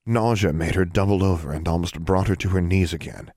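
Deep-voiced man reading a story. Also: fairly quick, darkish tone, husky, no echo. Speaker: audiobook narrator. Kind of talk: scripted narration.

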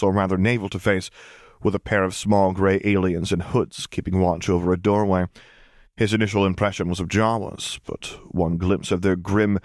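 Male audiobook reader, deep and even, dry close recording. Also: dry recording. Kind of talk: audiobook narration of fan fiction.

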